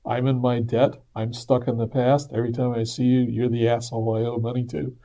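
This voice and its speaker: A man speaks in an earnest, easygoing monologue, his voice dark and mellow. He talks at a middling pitch and a plain, conversational pace, like someone thinking out loud. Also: little pitch movement, brisk. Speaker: speaker sharing personal reflections. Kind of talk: casual reflective monologue.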